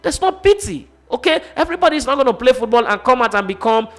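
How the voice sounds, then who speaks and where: A high-voiced man with a Nigerian accent who talks fast and hard, stacking up rhetorical questions. He hosts a sports talk show, pressing his opinion with force over faint music underneath. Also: sing-song, a bit bright. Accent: Nigerian English.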